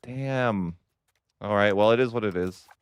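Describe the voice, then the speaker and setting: A man's voice: fairly low pitch, unhurried, smooth, no echo. A man giving casual commentary over a strategy game, wry and mock-dramatic as he grumbles about his bad luck. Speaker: gaming YouTuber.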